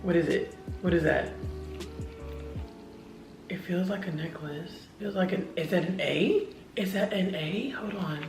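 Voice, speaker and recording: A woman's voice: on the low side, unhurried, gravelly, pauses often, darkish tone, soft background music. Gushing young woman in an echoey room. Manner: gushing, slangy, talks to viewers as y'all. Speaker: beauty vlogger. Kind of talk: excited unboxing vlog.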